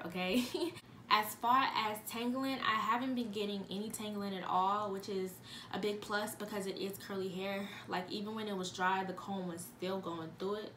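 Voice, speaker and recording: A young woman vlogs about hair in a chatty, upbeat way, talking straight to her viewers. Her voice sits at an ordinary middle pitch for a woman. The room around her is echoey, with a faint hum behind her. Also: pushed and bright. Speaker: beauty vlogger. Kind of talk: casual vlog talk to viewers.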